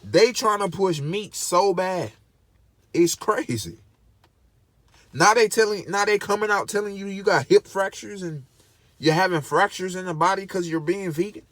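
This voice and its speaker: A man's voice: high-pitched, normal speed, fairly bright tone, no echo. A man vlogging in casual to-camera commentary, emphatic and preachy, repeating his points over and over.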